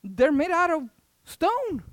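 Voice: extremely high pitch, sing-song, takes it slowly, a bit bright, no echo, pitched above the performer's own voice, full character voice. A preacher voicing a clever young son who talks back to his father with pointed, matter-of-fact retorts in a sermon story. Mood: sly.

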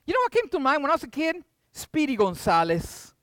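An older preacher giving a lively sermon, shifting between hushed asides and loud bursts. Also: high-pitched, a little fast, dry recording, clean studio sound. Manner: animated, jumps from hushed to loud.

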